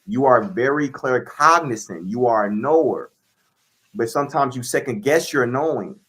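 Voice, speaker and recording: A man, a spiritual reader, answering interview questions in a calm, declarative teaching manner. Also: medium pitch, normal speed.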